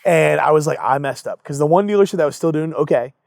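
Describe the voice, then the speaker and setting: Young man, entrepreneur guest, animated storyteller, fairly high voice, dry close sound. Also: quick pace, creaky, no room sound. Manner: animated storyteller acting out both sides of conversations. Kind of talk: casual storytelling interview.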